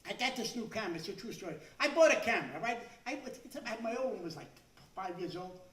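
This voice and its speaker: Exasperated older New comic, echoey. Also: male voice, high-pitched, sing-song, fast. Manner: exasperated, shouting punchlines. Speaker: stand-up comedian. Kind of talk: stand-up routine. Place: club stage before a live audience. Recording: echoey room, far from the mic.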